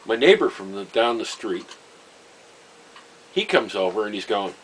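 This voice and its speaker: A man, telling a personal story in a rambling, halting way, full of fillers and wry chuckles. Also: lowish voice, sing-song, a little hiss or hum, poor audio. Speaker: vlogger. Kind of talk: casual storytelling monologue.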